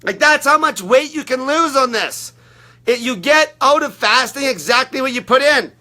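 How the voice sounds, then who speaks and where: A man's voice: very high voice, expressive, normal speed, bright, forceful tone. A man leading an online diet group, delivering an aggressive, profanity-filled motivational rant with lots of repetition.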